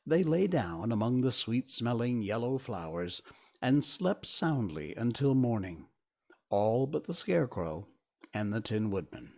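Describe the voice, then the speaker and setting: A man reading a storybook aloud as a stream host, in an unhurried, expressive manner. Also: medium pitch, creaky. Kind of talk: storybook narration.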